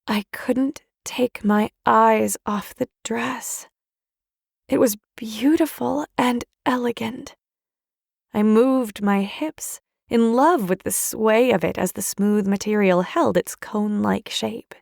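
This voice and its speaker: A woman narrating an audiobook in the first person, in a gentle, measured storytelling manner. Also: a little high, vocal fry, no room sound, clean studio sound. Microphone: studio microphone, dry.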